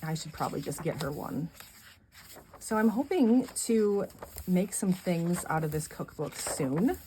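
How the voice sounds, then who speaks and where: A middle-aged woman vlogger chatting casually and gushing softly about gifts, laughing often. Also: lowish voice, animated, a little slow, a little hiss or hum. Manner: soft-spoken and gushing, with frequent laughs. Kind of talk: casual chat showing gifts.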